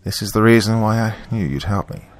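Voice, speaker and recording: A man voicing a bitter, secretive estranged mother with a raspy voice, scornful and urgent. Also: on the low side, a little fast, no room sound, pitched above the performer's own voice, lightly acted. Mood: earnest.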